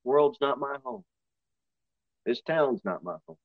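A man with a Northern US accent, a pastor giving a sermon in a conversational style with quick asides and voiced impressions. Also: a little high, huge pitch swings, creaky, no room sound, narrow, tinny audio. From northern United States.

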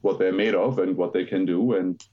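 A middle-aged man speaks English with a German accent, a fairly low voice carrying his guest stories. He talks in a lively way, with dry self-deprecating jokes. The audio comes across dull and lo-fi. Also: fairly quick. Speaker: podcast guest, aerospace lawyer. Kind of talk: conversational podcast interview.

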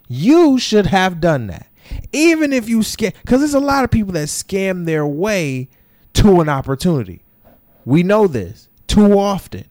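A man venting as a podcast host, his fairly high voice leaping up and down as he rants. He talks in loud, profane slang and mocks people by putting on their voices. The sound is dry and close, with no room echo. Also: very animated, unhurried. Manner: mocks others in put-on voices. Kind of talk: ranting opinion podcast.

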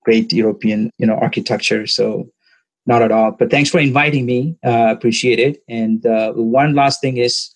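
A man whose first language is Tamil, a podcast guest talking casually and haltingly, with lots of fillers. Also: mid-range voice, low-quality recording. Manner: relaxed, halting, many fillers. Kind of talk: casual interview talk.

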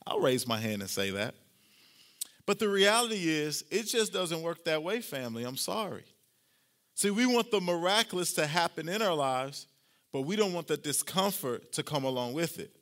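A male pastor giving a lively, conversational sermon, using casual slang as he preaches to his congregation. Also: a little high, normal speed.

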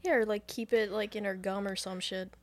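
A woman's voice: mid-range voice, fairly even intonation, fairly quick. Wry woman co-host tossing in jokes. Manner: wry quips and questions, often dropping quiet. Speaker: podcast co-host. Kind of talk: casual chat.

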